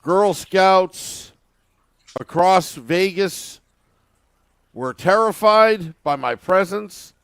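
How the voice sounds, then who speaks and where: Slow, gravelly-voiced male co-host. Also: high voice, a bit bright, dry recording. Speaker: podcast co-host. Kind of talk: casual podcast banter.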